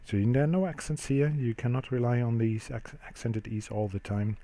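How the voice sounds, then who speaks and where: A middle-aged man teaching French grammar in a steady, explanatory way, pausing often with ums. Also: medium pitch. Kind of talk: classroom-style grammar lesson.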